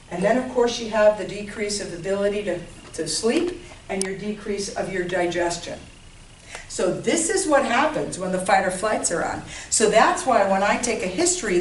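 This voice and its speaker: A woman giving an informal lecture on health to a class, often checking in with her listeners. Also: a little high. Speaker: health educator. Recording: roomy, distant mic, faint noise.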